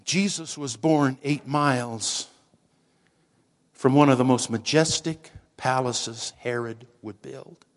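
A man preaching a sermon slowly and dramatically, dropping at times to a hushed near-whisper for emphasis. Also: medium pitch. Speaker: pastor.

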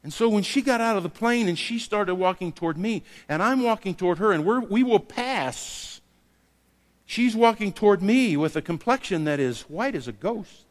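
A man preaching a sermon, telling a personal story and acting out the dialogue with lively variation. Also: high-pitched, moderate pace. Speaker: pastor. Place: church sanctuary. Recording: long hall reverb.

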